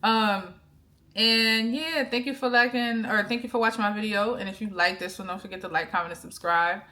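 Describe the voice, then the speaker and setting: A woman, giving an excited, emphatic faith testimony to her camera from her bedroom, often repeating herself. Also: medium pitch, fairly quick. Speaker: faith vlogger. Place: bedroom with pillows behind her.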